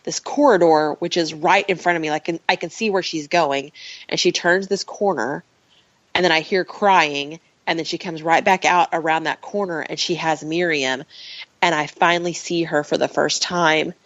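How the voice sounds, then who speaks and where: A woman with a lower-pitched voice tells a personal story as a podcast guest. She is animated and emotional and laughs often as she goes. The sound is dry and close, with a slightly dull, muffled tone. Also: normal speed, no room sound.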